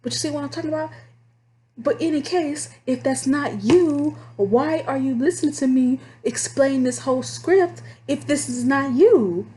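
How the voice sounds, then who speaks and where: A woman's voice: high voice, moderate pace. Chatty woman telling work stories. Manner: chatty, animated, addresses viewers as y'all. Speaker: vlogger telling call-center stories. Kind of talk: casual storytelling to camera.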